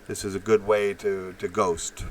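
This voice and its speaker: Low-voiced man ranting, distant from mic. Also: flat delivery, measured pace, a little mellow, slight background noise. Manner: profane, rambling, many fillers and restarts. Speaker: live stream host. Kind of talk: rambling live-stream monologue, reading chat.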